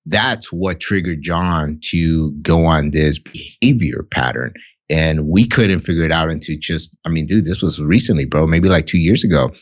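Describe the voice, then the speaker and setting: A man's voice: extremely low pitch, normal speed, muffled recording. A middle-aged man, a podcast guest, talking candidly and with heavy profanity about fatherhood in casual conversation. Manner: blunt, profane, heartfelt storytelling.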